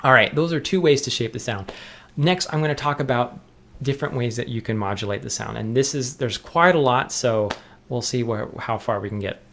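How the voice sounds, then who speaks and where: A young adult man teaching jaw harp technique in a relaxed, explanatory way, often restarting his sentences. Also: mid-range voice, fairly quick, vocal fry, a little hiss or hum. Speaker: music teacher. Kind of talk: instructional tutorial.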